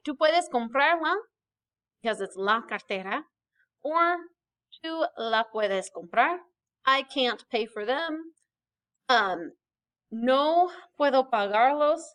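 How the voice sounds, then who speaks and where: A woman's voice: a little high, fairly bright tone. A young woman teaching a recorded lesson, explaining patiently step by step and checking in with frequent "okay"s. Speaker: Spanish teacher.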